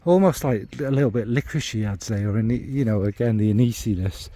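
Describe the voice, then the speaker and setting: With a lowish, mellow voice recorded without echo, a Northern English fragrance reviewer talks a little fast. He rambles casually while groping for descriptive words, blunt and sometimes swearing.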